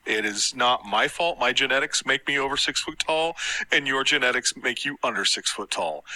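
Man, sharp bright tone, mock-indignant profane rant. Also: medium pitch, poor audio. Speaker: podcast guest in played clip. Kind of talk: casual podcast rant.

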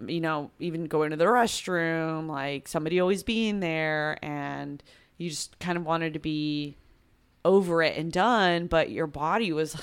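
A woman's voice: low voice, a little slow, clear, resonant tone. A woman, a podcast guest, earnestly explaining events with hesitant 'like' fillers. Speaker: guest, officer's wife. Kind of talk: casual conversational recounting.

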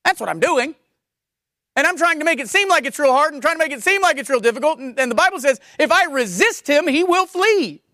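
Animated woman preaching a sermon. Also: high voice, a little fast, no room sound, studio quality. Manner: emphatic, repeats key phrases for force. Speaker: pastor.

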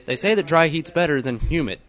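A man's voice: a little high, animated, brisk, a bit bright. A young man from the Southern US co-hosting a podcast, talking in a joking, rambling way and laughing often. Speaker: podcast co-host. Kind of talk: casual chat.

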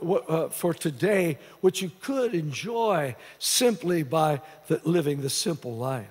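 A man's voice: high-pitched, darkish tone. A man preaching a sermon as pastor, restarting phrases and repeating words as he goes. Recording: long hall reverb.

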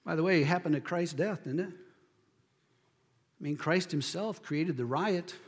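A man preaching a sermon as pastor, building to emphatic near-shouts on key lines. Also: on the high side, measured pace, slightly rough, in a large hall.

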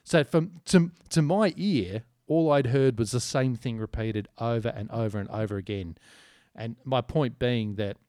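A man with an Australian accent co-hosting a podcast, chatting in a relaxed, rambling way with dry humour. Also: medium pitch, moderate pace, clear, resonant tone, no room sound. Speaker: podcast co-host. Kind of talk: casual chat.

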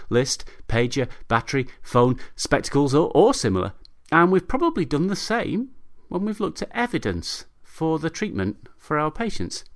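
A man with a British English accent hosting a medical podcast in a measured, explanatory way. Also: medium pitch, big pitch swings. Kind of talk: scripted podcast narration.

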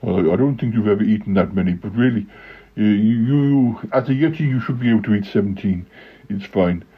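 A pompous pie-obsessed creature, as a man puts him on rambles with halting pauses. His voice is very low and husky. The sound is close and dry. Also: dry recording, phone-quality sound. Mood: boastful. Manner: rambling, halting, self-important. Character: pompous pie-eating male creature celebrity.

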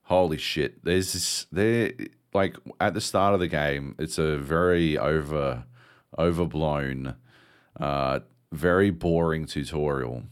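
A man with an extremely low voice takes his time, his tone clean. Co-hosting a video game podcast, he chats casually about games and tells animated stories laced with plenty of swearing.

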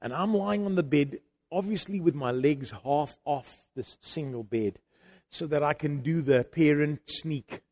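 Brief: middle-aged male preacher, slightly high voice, animated sermon storytelling, loud then hushed. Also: a little slow. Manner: animated, swings from loud emphasis to quiet intimacy.

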